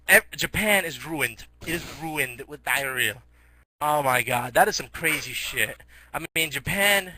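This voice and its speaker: Loud giddy young man rambling a silly story. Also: on the high side. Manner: loud, giddy, stammering, acting out characters in quotes.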